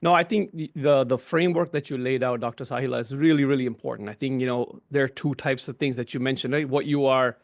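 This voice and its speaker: A man's voice: mid-range voice, fairly even intonation, quick pace, hardly any pauses. A middle-aged man on a video call giving an explanatory webinar talk, often tagging "right?" and "you know". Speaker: webinar guest. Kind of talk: conversational webinar discussion.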